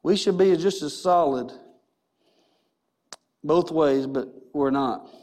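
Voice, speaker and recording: High-voiced emphatic male preacher. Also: slow pace, darkish tone. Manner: emphatic, repetitive preaching with rhetorical questions. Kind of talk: sermon. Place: church sanctuary.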